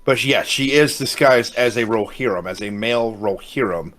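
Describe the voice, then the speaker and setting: A man co-hosting a podcast, retelling movie scenes in a rambling, animated way with casual swearing. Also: mid-range voice, moderate pace. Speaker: podcast co-host.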